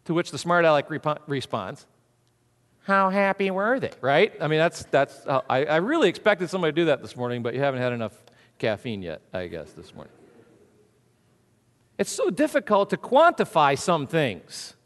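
Man, sermon, high voice, animated delivery, long hall reverb. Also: moderate pace. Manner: animated preaching, swings from hushed to booming. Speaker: pastor.

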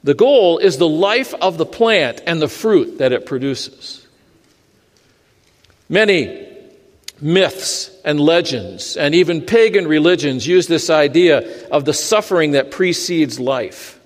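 A man preaches in a church sanctuary, his voice sitting high and ringing out with a long reverb from the large hall. He delivers the sermon in an animated way, with dry humor slipped between his points. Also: slow. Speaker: pastor.

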